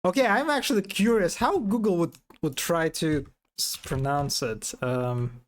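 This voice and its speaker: A man's voice: a little high, measured pace. A man streaming live in casual commentary, amused, often restarting his sentences and imitating animal sounds.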